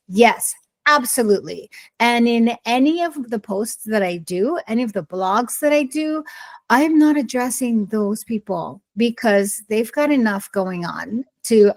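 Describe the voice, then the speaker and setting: Opinionated middle-aged woman, slightly high voice. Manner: opinionated and emphatic, wandering with restarts. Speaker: blogger sharing personal experience. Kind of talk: casual talk to camera.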